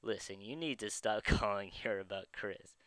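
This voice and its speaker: A man's voice: on the low side, normal speed, fairly bright tone, smooth, no echo, close to an everyday voice. A man voicing a weary, skeptical male campus security officer. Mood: exasperated. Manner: skeptical, exasperated.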